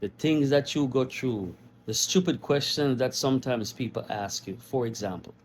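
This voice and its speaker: Jamaican man telling animated stories. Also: mid-range voice, moderate pace, a little hiss or hum. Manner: animated, laughs often, mimics other people's questions. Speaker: guest telling his immigration story. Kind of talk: casual storytelling.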